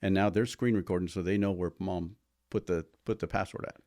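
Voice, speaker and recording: A man with a fairly low voice talks as a school resource officer on a podcast. He explains things step by step in a casual way and keeps checking in with "right?". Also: steady tone, fairly quick, darkish tone.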